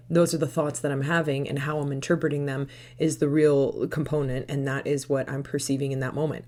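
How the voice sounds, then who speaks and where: A woman mindset coach as a podcast guest, talking fast and animatedly and laughing often. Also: extremely low pitch, darkish tone. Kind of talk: podcast interview.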